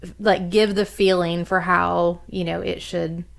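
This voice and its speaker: A woman's voice: fairly low pitch, level tone, measured pace, gravelly. A woman chatting casually, with a loose, filler-heavy way of talking. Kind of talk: casual conversation.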